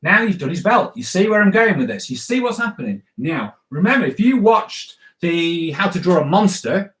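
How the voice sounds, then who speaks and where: A man's voice: high voice, very animated, moderate pace, a bit bright. A man, a comics artist teaching a live drawing lesson for kids in a playful, chatty way, often checking in with "right?" and "okay?". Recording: echoey room.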